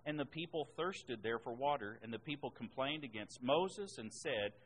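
A man preaching a sermon and reading scripture aloud, rising sharply in pitch and volume on the words he stresses. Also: lively intonation, moderate pace, breathy edge, rough recording. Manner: emphatic, rises in pitch and volume on key words.

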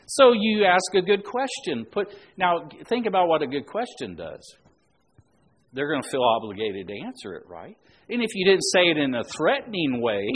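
A man's voice: on the high side, big pitch swings, normal speed, fairly bright tone, breathy edge. A man preaching a sermon to a congregation, conversational, with emphatic rises when he drives a point home.

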